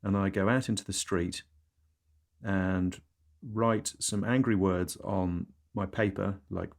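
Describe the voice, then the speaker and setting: A comedy host speaks in a lowish, deadpan voice through absurd monologues. He breaks the flat delivery with sudden squeals. The tone stays dry and matter-of-fact. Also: measured pace.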